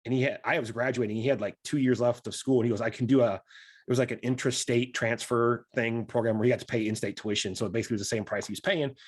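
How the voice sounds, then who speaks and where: A man's voice: medium pitch, fairly even intonation, fast talker, slightly rough. A man in his forties from South Dakota, a podcast guest rambling through anecdotes and chuckling between them. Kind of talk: casual storytelling interview.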